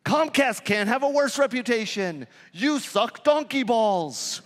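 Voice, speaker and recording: A man speaks at a conference in a fairly high voice that swings up and down a lot, telling stories with jokes and a lot of swearing. The sound carries a long reverb from a large hall. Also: a little slow. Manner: profane, joking, animated storytelling. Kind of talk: live conference talk.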